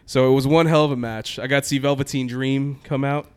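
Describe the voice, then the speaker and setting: A man rattles through a trip story at a quick clip, his voice smooth and clear. He talks casually and animatedly, slipping into the voices of people he met. He sounds like a podcast co-host chatting with friends. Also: mid-range voice. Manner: animated, acts out quoted exchanges with laughs.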